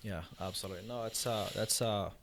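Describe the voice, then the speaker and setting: Low-voiced halting podcast host. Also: male voice, fairly even intonation, gravelly, noisy background. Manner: hesitant, many uh fillers, halting phrasing. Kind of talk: podcast interview.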